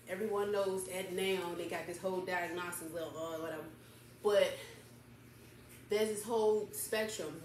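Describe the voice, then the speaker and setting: A woman hosting a casual talk show, speaking candidly and emotionally in loose, slangy, rambling chat. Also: on the low side. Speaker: podcast host. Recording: echoey room from a distance, faint noise.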